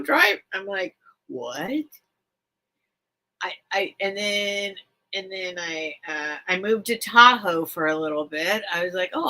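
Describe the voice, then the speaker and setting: A woman chats casually with her live-stream viewers, her voice bright and slightly tense. She talks slowly and rambles, circling back and repeating phrases when she gets emotional. Her pitch sits in an ordinary middle range for a woman. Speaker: live-stream seller and host.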